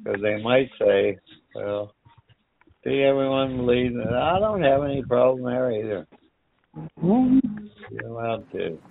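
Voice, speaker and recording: A man talking casually, musing about faith and spirit in a gravelly voice. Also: medium pitch, animated, unhurried, long pauses, phone-quality sound. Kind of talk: casual chat.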